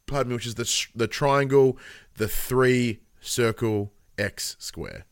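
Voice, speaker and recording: A man's voice: mid-range voice, a little slow, smooth, no echo, clean studio sound. An Australian man in his thirties, co-hosting a podcast in a casual chat, rambling with lots of fillers and self-deprecating asides. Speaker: podcast co-host.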